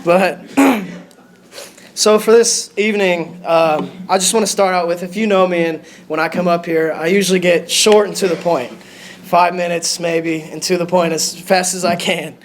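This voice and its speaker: A young man giving a short lesson in a church sanctuary, speaking in a nervous, halting way and restarting his sentences often. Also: sits high, steady tone, slight background noise. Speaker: lay preacher.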